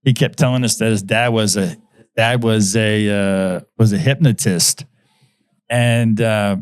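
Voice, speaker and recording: A man's voice: on the low side, fairly even intonation, unhurried, smooth, dry recording. A man, a magician guest in a casual podcast chat, talking hesitantly with many fillers and restarts.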